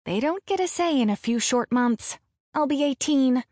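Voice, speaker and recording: A sharp-tongued, defiant teenage girl , as a woman narrator voices her, talking back to her family in an audiobook. Her lines come slow and deliberate, and the voice sits a little higher than the narration around it. The recording is dry and close. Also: very animated, no room sound. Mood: snappy. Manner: snappy and sarcastic. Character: defiant, sarcastic 17-year-old girl performer. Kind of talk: audiobook dialogue.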